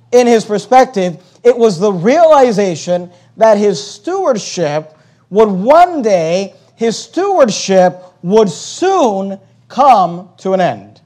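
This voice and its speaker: A man's voice: high voice, a little mellow. A man preaching a sermon, impassioned, often repeating words as he builds a point. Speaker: pastor.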